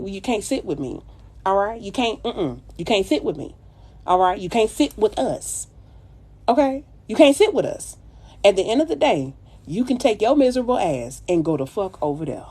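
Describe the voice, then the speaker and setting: Speaking at a medium pitch with a dark tone, a makeup artist livestreams a pep talk to her followers. It's blunt, preachy and full of profanity, and she calls listeners baby and child.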